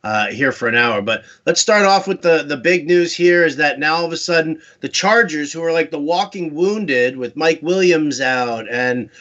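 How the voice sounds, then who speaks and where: A man's voice: fairly high pitch, moderate pace, hardly any pauses, a bit bright. A man from New York hosting a live fantasy football stream, chatty and joking, in a lo-fi recording. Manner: chatty, joking, restarts often. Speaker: host. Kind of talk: casual sports chat. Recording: dull lo-fi live stream audio.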